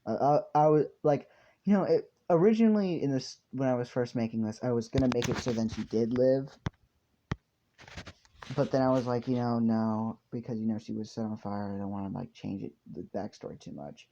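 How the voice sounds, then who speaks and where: Brief: casual male storyteller, rambling and profane, low mellow gravelly voice, dull lo-fi home recording. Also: a little fast, a little hiss or hum. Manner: rambling, swears, many fillers. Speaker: fan storyteller. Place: hot room indoors.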